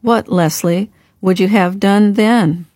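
A woman reading a gentle, kindly male teacher. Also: mid-range voice, no echo. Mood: tender. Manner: slow, tender storytelling to children. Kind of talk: audiobook reading.

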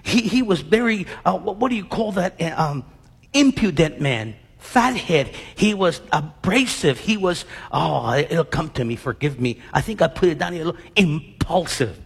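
Husky, animated preacher in a large hall. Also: male voice, a little high, moderate pace. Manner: animated, acts out scenes and quizzes the congregation. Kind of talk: sermon.

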